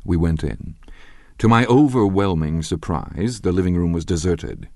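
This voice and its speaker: Low-voiced guy reading a novel aloud, measured and wry, dry close sound. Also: vocal fry, mellow, no room sound. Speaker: audiobook narrator. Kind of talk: scripted narration.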